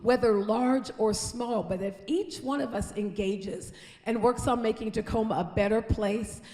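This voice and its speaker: A woman's voice: a little high, steady tone, unhurried, mellow. A woman mayor giving an earnest, rallying welcome speech at an awards ceremony, calling out to the audience. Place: large historic theater. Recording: roomy theater with long reverb.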